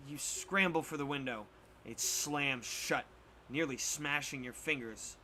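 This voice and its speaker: A man reading a spooky choose-your-path book aloud with dramatic, expressive narration. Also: medium pitch, a little slow, a little hiss or hum. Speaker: storybook reader on a stream.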